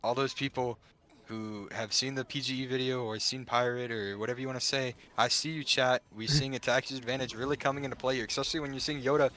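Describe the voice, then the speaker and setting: A man casting and analysing a live esports match, animated and talking straight to the chat. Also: medium pitch, slight background noise. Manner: rapid, animated, talks to the chat. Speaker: esports caster.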